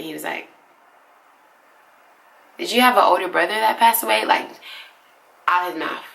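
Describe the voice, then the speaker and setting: Animated woman with a gravelly bright voice. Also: on the low side. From Atlanta, US. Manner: animated, slangy, addresses viewers as y'all. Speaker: storyteller. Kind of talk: casual storytime vlog.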